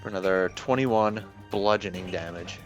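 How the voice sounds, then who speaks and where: A man's voice: low-pitched, normal speed, faint music behind. A man playing a tabletop game who describes his character's attacks in a casual, hesitant way. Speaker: player.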